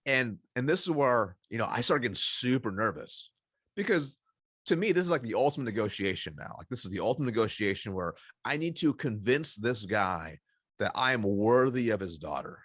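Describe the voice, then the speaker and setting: A man, a sales coach, who is a guest in an interview and tells a story in an animated way, acting out the dialogue and often restarting his sentences. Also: medium pitch, fairly quick, dry recording, clean studio sound. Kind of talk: anecdotal storytelling.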